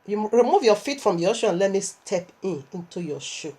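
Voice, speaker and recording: A woman preacher voicing a calm male savior figure in a vision, speaking softly with gentle authority. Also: medium pitch, a little fast, slightly rough. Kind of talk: sermon storytelling.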